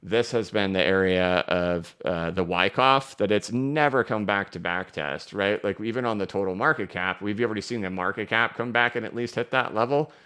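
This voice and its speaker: A man's voice: on the low side, smooth. A man hosting a live-stream crypto market show, talking emphatically while he goes through charts and reads viewer questions. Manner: energetic, emphatic, talks fast. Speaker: crypto market analyst host.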